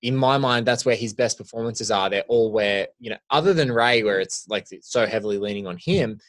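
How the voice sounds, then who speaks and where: A man's voice: lowish voice, a little fast. A young adult man co-hosting a podcast, rambling through casual film chat with many restarts. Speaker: podcast co-host.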